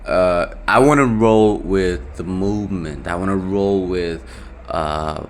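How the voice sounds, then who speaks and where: Deep-voiced rambling young man. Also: slow, slight background noise. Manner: rambling, self-correcting, swears freely. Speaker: podcast host. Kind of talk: casual solo podcast monologue.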